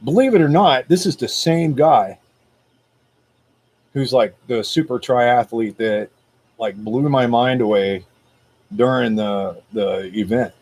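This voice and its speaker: A man hosting a motivational video, telling a personal story in a casual, animated, slangy way. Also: mid-range voice, slow, pauses often, husky. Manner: greets viewers live by name.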